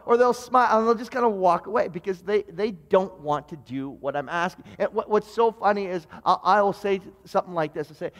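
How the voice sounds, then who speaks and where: High-voiced stammering preacher in a reverberant hall. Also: male voice, lively intonation, normal speed, fairly bright tone. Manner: stammering restarts, conversational preaching. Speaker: pastor. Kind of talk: sermon.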